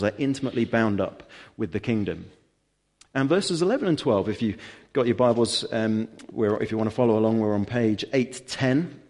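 A man preaching a sermon to his church, explaining scripture earnestly with rhetorical questions and emphatic repetition. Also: fairly low pitch.

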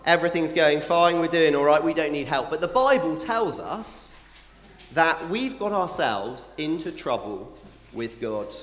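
A man preaching to a mixed church crowd of families, playful and animated, tossing asides to the children. His voice sits a bit high and swings widely in pitch. It rings out in an echoey hall with a long reverb tail. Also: a little slow. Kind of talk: family Christmas sermon.

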